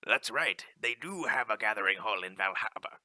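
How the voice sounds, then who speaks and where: A cheerful pirate-style caravan leader from a video game, voiced by a man doing an amateur impression. He rolls out his lines in a gruff pirate drawl full of old-fashioned slang. The voice sits low but sounds sharp and bright, recorded close and dry. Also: expressive, moderate pace, dry recording. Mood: friendly. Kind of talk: amateur game voice-over reading.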